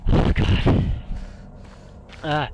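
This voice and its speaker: In a noisy home recording with dull audio, a young man talks very slowly while doing casual commentary on his let's play. He's panicky and out of breath, jumping and cursing as he plays.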